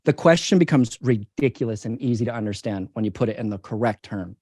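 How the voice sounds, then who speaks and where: Low-pitched and dark in tone, this CEO talks fast with lively intonation while answering interview questions about his company. There's no echo on the dry, close-miked recording. He argues forcefully and persuasively, hammering his key points again and again.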